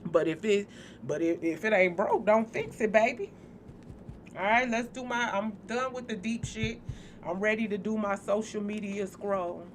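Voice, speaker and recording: A woman's voice: mid-range voice, moderate pace, a little hiss or hum. Blunt, foul-mouthed woman hosting spiritual chat. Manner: blunt, profane, joking, speaks straight to viewers. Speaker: spiritual channel host. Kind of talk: casual spiritual chat to viewers.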